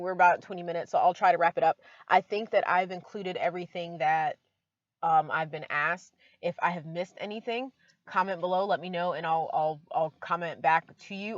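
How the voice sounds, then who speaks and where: A woman's voice: fairly low pitch, no echo, dull audio. A woman vlogging from inside her car, chatty and emotional, with many fillers. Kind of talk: casual vlog talk to camera.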